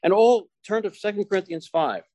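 A man preaching a slow, deliberate sermon. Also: high-pitched, expressive, a little mellow. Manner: slows down and stresses key phrases when quoting scripture.

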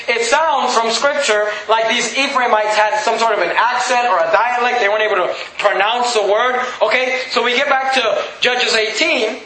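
A pastor teaching a sermon like a Bible study, reading scripture aloud and restating it casually with frequent check-ins. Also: male voice, extremely high pitch, sharp tone. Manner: reads scripture aloud, then restates it conversationally with frequent "okay?". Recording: echoey room, faint background noise.

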